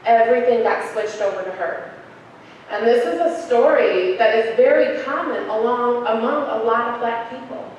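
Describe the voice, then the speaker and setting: A woman's voice: a little high, moderate pace, highs cut off. A young adult woman telling a personal story to an audience, acting out the voices of the people in it. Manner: animated, acts out quoted voices. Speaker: speaker. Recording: echoey hall, distant mic, faint noise.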